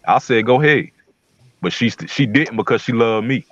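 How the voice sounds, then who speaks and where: Tell it bluntly and fast as a low-voiced man, muffled call sound. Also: a little hiss or hum. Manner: blunt, crude storytelling. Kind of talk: casual group audio chat. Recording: dull lo-fi call audio.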